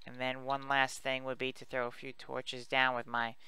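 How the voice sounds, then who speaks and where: Gravelly, bright-voiced chatty man. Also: mid-range voice, completely flat delivery, normal speed, dry recording. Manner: rambling, chatty, self-mocking. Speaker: let's play host. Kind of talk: casual gameplay commentary.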